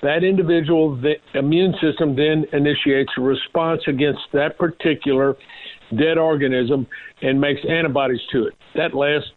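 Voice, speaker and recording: A man's voice: fairly high pitch, fairly even intonation, moderate pace, no echo. Southern man lecturing over a phone line. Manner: emphatic, lecturing. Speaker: doctor guest. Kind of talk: phone-in interview. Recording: dry tinny phone line.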